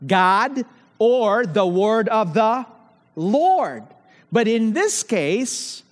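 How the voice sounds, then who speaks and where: A high-pitched male preacher delivers his sermon at an unhurried pace, dwelling on each key phrase. He keeps asking rhetorical questions and answering them himself. His voice carries a long reverb from the church hall.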